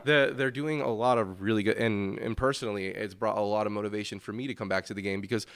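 A man's voice: lowish voice, fairly even intonation, quick pace, clean tone. A man hosting a gaming podcast, talking in a loose, rambling way with lots of fillers and restarts, and swearing casually. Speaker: podcast host.

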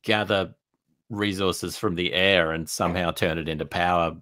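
A man's voice: low-pitched, steady tone, normal speed, pushed and bright, clean tone, dry recording. A man with an Australian accent hosting a podcast interview, asking playful quiz-style questions. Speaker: podcast host.

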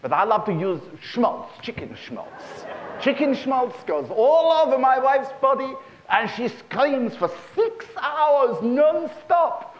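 A man voicing a boastful Jewish husband in a joke, in a high, strained comic voice. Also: big pitch swings, slow, slight background noise, heavily acted. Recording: dull lo-fi stage recording.

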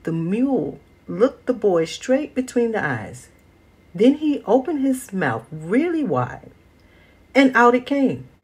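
A woman reading a children's picture book aloud as a storyteller, slow and expressive. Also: fairly high pitch, breathy edge.

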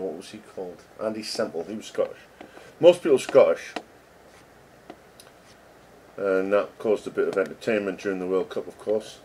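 Reading code names out loud, a middle-aged game developer from England offers casual, joking commentary. His voice is fairly low and darkish, with a little hiss or hum in the recording.

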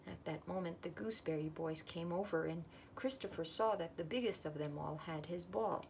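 A woman gently reads a children's picture book aloud, with a touch of gravel in her voice. A faint background noise sits under her. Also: lowish voice, normal speed, few pauses. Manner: gentle, expressive read-aloud. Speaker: storyteller.

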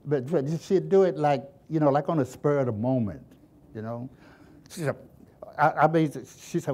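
A man's voice: on the high side, normal speed. An older man being interviewed, telling folksy childhood stories and chuckling often as he speaks. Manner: chuckles often while recounting, folksy and lively. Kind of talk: storytelling reminiscence.

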